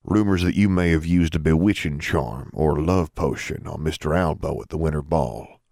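A man's voice: extremely low pitch, normal speed, vocal fry, a little mellow, dry recording, clean studio sound. A man voicing a stern, pompous middle-aged dean in an audiobook.

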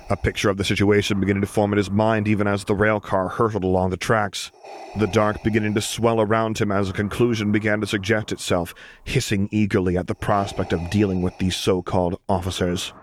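A man reading fan fiction aloud as an audiobook, narrating in a steady, measured way. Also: on the low side, a little hiss or hum. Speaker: reader.

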